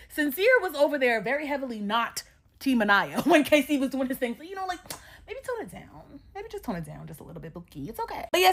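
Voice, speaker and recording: A recap vlogger gives a chatty, opinionated rundown of a reality show in a voice pitched a little high. She's sassy and animated, swearing freely and laughing often.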